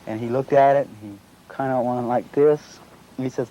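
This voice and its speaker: Middle-aged man retelling a story, mellow voice. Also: mid-range voice, fast talker, a little hiss or hum, poor audio. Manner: acts out quoted dialogue while retelling. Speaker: eyewitness interviewee. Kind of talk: recounting a personal story in an interview.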